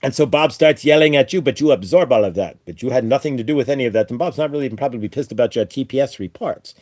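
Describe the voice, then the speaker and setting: A man's voice: medium pitch, fast talker, darkish tone, no room sound, studio quality, natural voice. A man channeling a male ascended master spirit, giving a spiritual teaching in a preachy manner that ends almost every point with "right?". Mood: earnest teaching.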